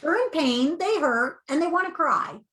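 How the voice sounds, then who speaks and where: A woman coach giving earnest, animated advice in a conversational interview. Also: sits high, normal speed. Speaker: weight-loss coach.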